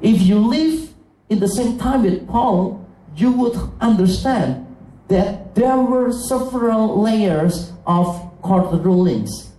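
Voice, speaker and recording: A preacher with an Indonesian accent, whose first language is Indonesian, delivering a sermon in a deliberate way and repeating key phrases for emphasis. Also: mid-range voice, dark tone. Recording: echoey room, voice some distance from the mic.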